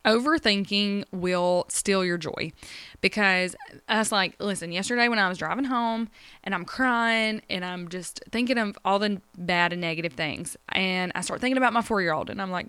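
Emotional woman podcaster, smooth close voice. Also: mid-range voice, normal speed, a bit bright, no echo. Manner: emotional, rambling, addresses listeners directly. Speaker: podcast host. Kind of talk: personal confessional chat.

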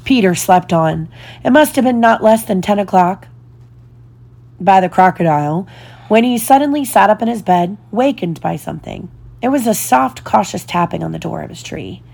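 A woman reading a children's storybook aloud in a slow, deliberate storytelling manner. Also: mid-range voice, expressive, vocal fry, a little mellow, slightly rough. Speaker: storybook reader.

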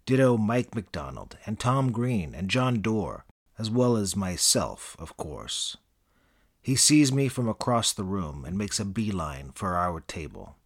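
A middle-aged man giving scripted comedic narration in a deadpan, self-aggrandizing manner. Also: on the low side, unhurried.

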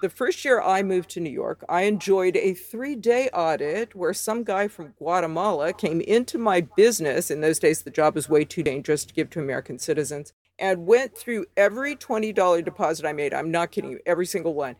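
A woman's voice: lowish voice, brisk, hardly any pauses. Wry woman telling a comic story. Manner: animated, wry, self-mocking. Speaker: guest storyteller.

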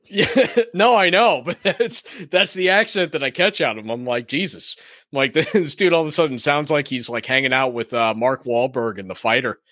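A man's voice: mid-range voice, fairly quick, a bit bright, no room sound, clean studio sound. A young man co-hosting a podcast, trading easygoing, teasing banter in casual chat. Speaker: podcast co-host.

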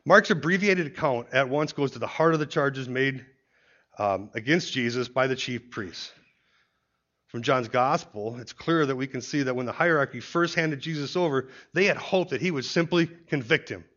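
A man leads a verse-by-verse Bible teaching in an even, explanatory way, often pausing to say "see" before a point. His voice sits at an ordinary middle pitch. The recording is dull and lo-fi.

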